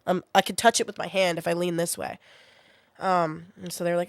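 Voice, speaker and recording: A woman's voice: fairly low pitch, little pitch movement, moderate pace, vocal fry, dry recording, studio quality. A young woman streaming from her bedroom, telling a story to her chat in a casual, chatty way and acting out what she said back then. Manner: chatty, acts out her own past lines.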